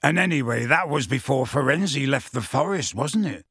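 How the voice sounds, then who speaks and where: Gruff huge gamekeeper guy, worried and secretive, clipped slangy talk, dry sound, done by a guy reading. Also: mid-range voice, expressive, moderate pace, fairly bright tone, no room sound, full character voice.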